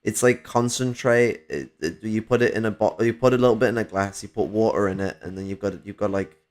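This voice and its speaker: A man's voice: lowish voice, fairly even intonation, a little fast, darkish tone. A man from England, chatting casually and rambling with lots of restarts. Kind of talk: casual chat.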